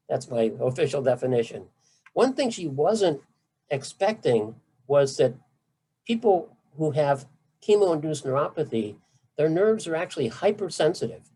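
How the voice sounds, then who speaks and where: A man's voice: a little high, very animated, normal speed, dark tone, husky, poor audio. A middle-aged man, a physician, giving a conversational, emphatic talk on treatment to patients, with asides. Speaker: physician lecturer.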